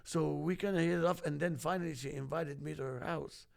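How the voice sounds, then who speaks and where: Gravelly Egyptian-born man telling stories. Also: fairly high pitch, a little fast. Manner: animated storyteller, acts out quoted voices. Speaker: host. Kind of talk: casual storytelling chat.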